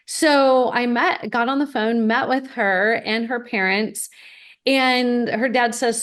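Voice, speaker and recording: A woman's voice: medium pitch, steady tone, unhurried. A woman hosting a podcast interview, telling an anecdote and acting out the people in it. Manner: storytelling, acts out quoted voices. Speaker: podcast host, college advisor. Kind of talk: conversational interview.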